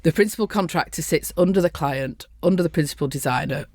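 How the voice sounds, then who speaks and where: Blunt middle-aged woman, soft Lancashire accent. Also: deep voice, quick pace, no room sound. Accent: softened Lancashire. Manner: blunt, bolshie and earthy. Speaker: podcast guest, construction safety professional. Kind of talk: casual interview chat.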